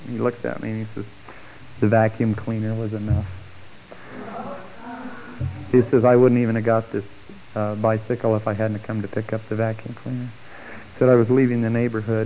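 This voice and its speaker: Middle-aged guy telling his testimony, mellow warm voice, jumps way up when he acts out what people said. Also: a little hiss or hum, poor audio. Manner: animated, acts out quoted speech with big pitch jumps. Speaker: storyteller giving a testimony. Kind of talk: personal testimony story.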